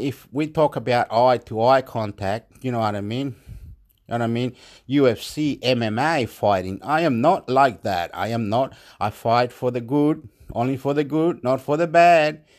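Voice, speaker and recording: A man from Chile, talking in a rambling, profane monologue in broken English that jumps between loud and soft. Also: mid-range voice. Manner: excitable, repetitive, swings loud and soft.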